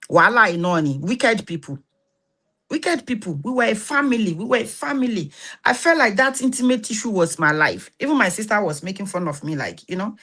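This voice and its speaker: A woman with a Nigerian Yoruba accent talks to her listeners in an animated, pastoral way. She slips into Yoruba phrases and swings up into preacher-like emphasis, then settles into prayer. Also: mid-range voice. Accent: Nigerian, Yoruba-influenced. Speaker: host and massage therapist. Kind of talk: spoken talk with prayer.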